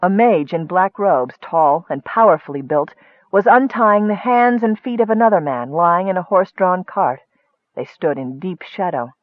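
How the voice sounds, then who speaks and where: A man with a high voice narrates a fantasy tale in a measured, expressive reading. The sound is dry and slightly muffled, close to the mic. He keeps an even storytelling pace. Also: dry recording. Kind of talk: audiobook narration.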